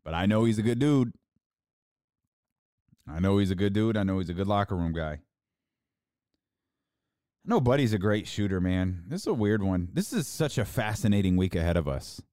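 A man's voice: on the low side, animated, normal speed, pauses often, dark tone, no room sound, studio quality. A man hosting a sports podcast, ranting casually and mocking fans in a raised voice.

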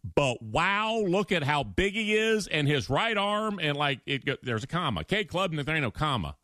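A man with a high voice hosts a sports radio show, recorded cleanly in a studio with no echo. He delivers an opinionated monologue, telling emphatic, animated stories and acting out quotes.

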